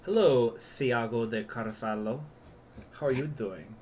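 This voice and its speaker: A man's voice: medium pitch, unhurried, highs cut off, background noise. A man hosting a casual gaming livestream, talking to himself about plans and swearing now and then. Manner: talks to himself, muttering plans, occasional swearing. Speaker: host.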